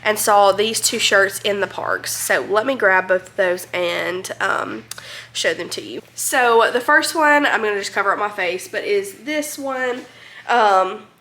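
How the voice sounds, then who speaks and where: Bright chatty woman vlogger. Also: medium pitch. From North Alabama, US. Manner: chatty, many ums and likes. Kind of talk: casual rambling recap.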